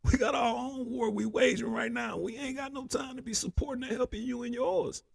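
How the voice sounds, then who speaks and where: A man's voice: very high voice, steady tone, fairly quick, gravelly, slightly rough, no room sound. A man hosting a political commentary show, ranting heatedly with constant profanity and repeated "man".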